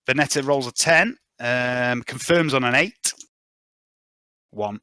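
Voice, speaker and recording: A man narrating a tabletop game as game master, chuckling and quickly reading out dice results. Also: mid-range voice, bright, forceful tone, smooth, no echo.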